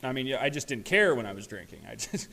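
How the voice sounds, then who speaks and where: A man's voice: mid-range voice, sing-song, fast talker, vocal fry, bright, forceful tone. A man from Minnesota speaking at a recovery workshop, earnest and plain-spoken, with a dry sense of humor. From Minnesota, USA. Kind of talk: recovery talk, personal sharing.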